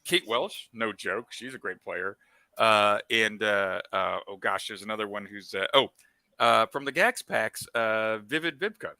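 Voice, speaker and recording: A man with a strikingly bright, forceful voice rambles through gaming anecdotes, stacking up fillers and excited asides. The sound is close and very dry, with no room around it. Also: lowish voice, a little slow, creaky, no room sound. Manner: excitable and animated when retelling. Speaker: special guest on a gaming talk show. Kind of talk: casual storytelling chat.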